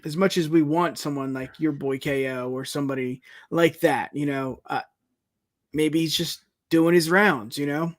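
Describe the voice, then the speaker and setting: Chatty higher-voiced man, dry close sound. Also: steady tone, normal speed, no echo. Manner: chatty, leans on filler like "you know" and "it's just like". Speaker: podcast co-host. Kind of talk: casual wrestling chat.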